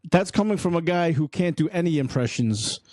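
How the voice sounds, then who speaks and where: An older man appears as a guest on a casual podcast, speaking bluntly and swearing freely in a New York accent that blends Brooklyn and Long Island. His voice is on the high side, expressive, fairly quick, and a little mellow. The recording is clean studio sound with no echo.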